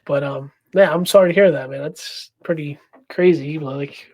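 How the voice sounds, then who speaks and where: A man hosting a podcast from a shed, chatting in a relaxed way with short replies and laughs. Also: fairly high pitch, normal speed. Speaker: podcast host. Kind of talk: casual chat.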